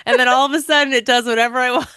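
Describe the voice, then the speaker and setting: A woman co-hosting a podcast in casual chat, talking in quick bursts with many fillers and restarts. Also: high voice, fairly even intonation, bright, forceful tone, clear, resonant tone, dry recording. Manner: chatty, many fillers and restarts, laughs often. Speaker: podcast co-host.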